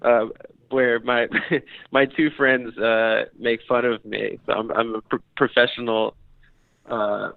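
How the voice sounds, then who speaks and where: Gravelly, laughing male podcast guest. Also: medium pitch, flat delivery, no room sound, phone-quality sound. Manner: laughing, halting and self-deprecating. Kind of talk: casual chat.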